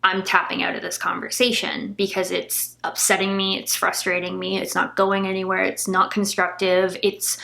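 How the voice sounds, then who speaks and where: Young woman, vlogger, gravelly vocal fry, emotional personal storytelling. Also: medium pitch, monotone, normal speed, hardly any pauses, bright, forceful tone. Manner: emotional, recounting an argument, near tears at times. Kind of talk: candid personal vlog storytelling.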